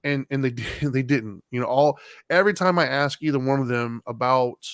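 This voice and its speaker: A man's voice: mid-range voice, normal speed, clean tone, dry recording. A man in his thirties on a podcast, talking casually and telling a story at an easy, meandering pace. His voice sits in a middle register and is heard close and dry, with no room sound around it. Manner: relaxed, rambling with many fillers and laughs. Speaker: podcast co-host.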